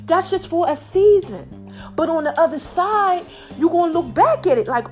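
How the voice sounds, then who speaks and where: Female podcast host, high-pitched, animated testimony style, speaks straight to listeners. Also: moderate pace, soft background music. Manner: expressive, preachy, talks straight to listeners. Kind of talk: casual testimony monologue.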